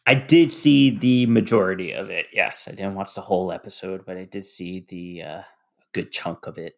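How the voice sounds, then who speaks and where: A man co-hosting a comedic podcast, talking quietly and sheepishly, often apologizing. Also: low voice, normal speed, vocal fry. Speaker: podcast co-host.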